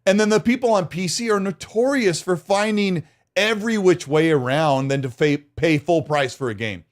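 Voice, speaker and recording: A man co-hosting a gaming podcast in casual chat, lively, with stammering restarts and quick laughs. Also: high voice. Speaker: podcast co-host.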